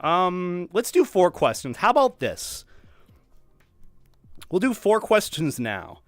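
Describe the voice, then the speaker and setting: Male streamer, high lively voice, playful casual chat, sudden loud outbursts. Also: takes it slowly, soft background music. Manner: playful, jumps between low mumbles and loud high outbursts.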